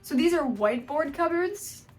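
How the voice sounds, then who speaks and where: A woman hosting a casual reaction vlog, jokey, animated and self-deprecating. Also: sits high, normal speed, faint music behind. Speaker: video host.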